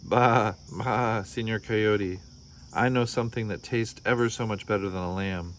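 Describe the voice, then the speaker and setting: A man's voice: fairly low pitch, fairly even intonation, unhurried, a little hiss or hum, lightly acted. A man voicing a clever little female lamb who bleats and pleads. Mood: pleading.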